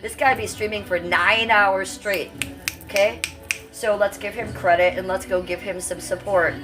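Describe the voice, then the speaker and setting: A woman's voice: mid-range voice, fairly even intonation, moderate pace, over music. A woman in her fifties hosting a casual livestream, brash, profane and rambling as she reads out chat comments. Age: 50s. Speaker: livestream host.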